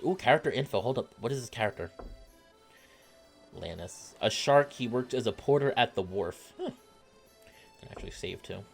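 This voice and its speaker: A man's voice: mid-range voice, animated, moderate pace, creaky, pauses often, husky, soft background music. A man giving chatty, self-deprecating let's play commentary as a game streamer, laughing often.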